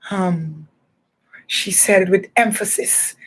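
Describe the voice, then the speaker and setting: A woman hosting a radio show for children, talking in a playful, animated way. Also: on the high side, normal speed. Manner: animated, playful, laughing and teasing. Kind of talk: lively children's radio chat.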